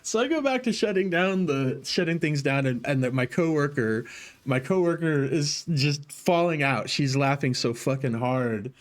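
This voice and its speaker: Profane storytelling man, animated. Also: a little high, normal speed. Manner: animated, profane, acts out quoted voices. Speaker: streamer. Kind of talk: casual storytelling.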